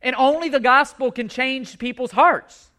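A man's voice: extremely high pitch, unhurried, pushed and bright. A male pastor preaching a sermon, impassioned and emphatic, repeating his key points.

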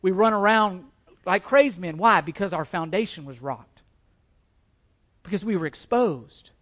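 A male pastor preaching a sermon. He repeats lines for emphasis, swings between loud stresses and quiet ones, and stumbles over words at times. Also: high voice. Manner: emphatic and repetitive, building to loud stresses then dropping quiet.

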